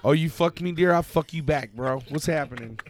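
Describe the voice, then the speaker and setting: A man's voice: a little high, a little fast, over music. A tired man bantering crudely as a podcast co-host, teasing the others. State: tired, short on sleep. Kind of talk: casual chat.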